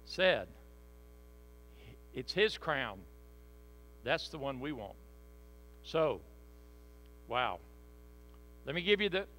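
Male pastor preaching a sermon, bright forceful tone, somewhat high pitch, dramatic scripture reading, mains hum behind. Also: low-quality recording.

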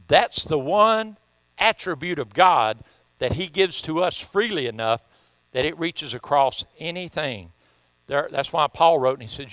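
A man's voice: a little high, expressive, moderate pace, a bit bright, no room sound. A man preaching a sermon in church, telling folksy stories and reading scripture with emphasis. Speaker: pastor. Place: church sanctuary.

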